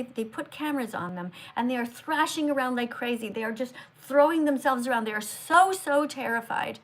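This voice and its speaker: A woman hosting a livestream, talking earnestly to a guest and to viewers, emphatic and lecturing, recorded on a phone. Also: a little high. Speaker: livestream host. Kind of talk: live-stream talk to viewers.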